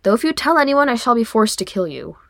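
A woman voicing a proud male dwarf lord who speaks low, weary and measured, for an audiobook reading. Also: very animated, gravelly, a bit bright, dry recording, studio quality, heavily acted.

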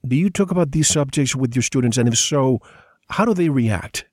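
A man's voice: medium pitch, animated, a little fast, a little mellow, no room sound, clean studio sound. Curious man asking podcast questions. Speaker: podcast host, interviewer. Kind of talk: casual podcast interview.

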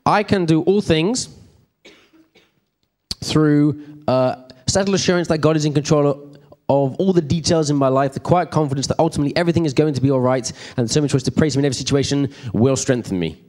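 A man's voice: a little high, fairly quick, a little mellow. A man teaching a church group in a casual, rambling way, often checking in with his listeners. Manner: chatty, rambling, checks in with the room. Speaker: preacher.

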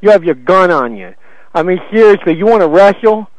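High-voiced guy prank calling, mouthy and taunting, swears nonstop, dry close sound. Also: expressive, fairly quick, dry recording. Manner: belligerent, taunting, swears a lot. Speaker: prank caller. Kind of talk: prank phone call. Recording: muffled phone call recording.

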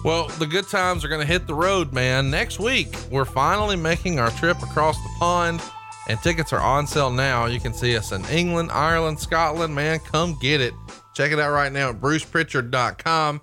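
A man's voice: fairly high pitch, moderate pace, pushed and bright, soft background music. A man co-hosting a podcast, upbeat and promotional, often tacking "man" onto his sentences. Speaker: podcast co-host. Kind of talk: casual podcast chat with ad reads.

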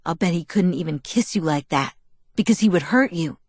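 A woman's voice: fairly low pitch, animated, a little fast, a little mellow, husky, dry recording. A woman reading the lines of a cheerful, pushy teenage boy, teasing and earnest by turns. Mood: earnest soft. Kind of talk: audiobook dialogue.

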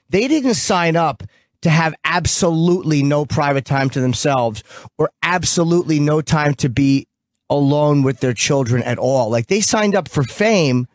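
A man's voice: fairly high pitch, animated, normal speed, no echo. A man hosting a radio show, talking bluntly and profanely, telling stories with animation. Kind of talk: casual radio banter. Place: radio studio.

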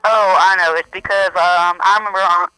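A man's voice: sits high, steady tone, moderate pace, pushed and bright, clean tone, no echo, low-quality recording. A man co-hosting a casual podcast, arguing his point in an emphatic, insistent way. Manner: emphatic, argumentative. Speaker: podcast co-host.

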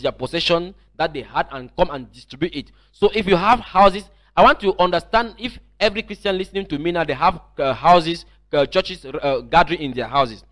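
A male preacher with a slightly raised pitch delivers an online teaching sermon. He speaks emphatically, circling back and repeating words as he builds his points. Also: fairly bright tone. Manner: emphatic, repeats and restarts phrases.

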